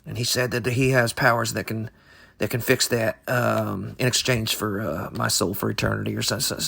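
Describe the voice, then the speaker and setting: A man co-hosting an improvised comedy podcast, rambling in halting, absurd deadpan. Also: fairly low pitch, gravelly, breathy edge. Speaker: podcast co-host.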